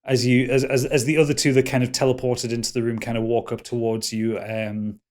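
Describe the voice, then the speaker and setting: A man running a tabletop game, narrating scenes in a halting, descriptive way and laughing easily. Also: medium pitch, level tone, darkish tone. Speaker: game master.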